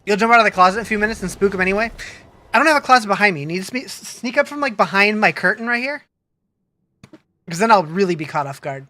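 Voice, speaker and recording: Bright-voiced streamer with hiccups. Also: mid-range voice, expressive, fast. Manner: chatty, answers chat questions with many restarts. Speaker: game streamer. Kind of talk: casual live-stream chat, reading viewer comments.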